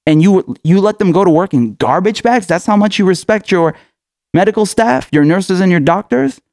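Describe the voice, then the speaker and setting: Male commentator, slightly high voice, mocking and sarcastic, close dry sound. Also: expressive, moderate pace, darkish tone, dry recording. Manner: mocking, taunting, laughs often, rhetorical questions. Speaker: political commentator.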